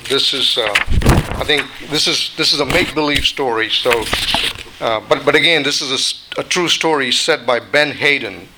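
A man's voice: medium pitch, noisy background. A man reading a devotional story aloud, hesitant with many restarts. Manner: halting, frequent restarts and fillers.

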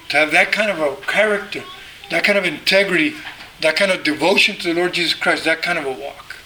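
High, bright-voiced preaching man. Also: a little hiss or hum, poor audio. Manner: earnest preaching with frequent repeated words and restarts. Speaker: pastor. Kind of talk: sermon.

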